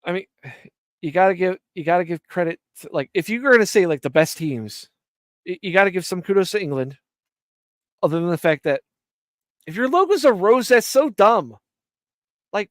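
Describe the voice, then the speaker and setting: A man with a fairly high voice hosts a casual live stream and rants in loose, jokey, profane bursts. The sound is dry and close, with almost no room in it. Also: no room sound. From Ireland. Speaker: stream host.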